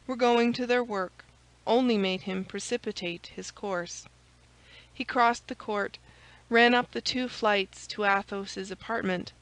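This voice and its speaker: A woman's voice: mid-range voice, a bit bright, low-quality recording. Woman narrating a classic novel. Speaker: audiobook reader. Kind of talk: scripted narration.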